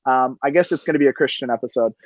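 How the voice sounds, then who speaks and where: A man hosting a podcast, talking in an excitable, gushing, casual way. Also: medium pitch, racing, dry recording. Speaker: podcast host. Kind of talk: casual chat. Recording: dull, lo-fi sound.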